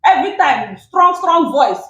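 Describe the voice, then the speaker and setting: Animated Nigerian woman, lively high voice. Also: a little slow, highs cut off. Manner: animated, laughing, repeats points for emphasis. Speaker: relationship guest. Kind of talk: advice talk show chat. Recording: roomy echo.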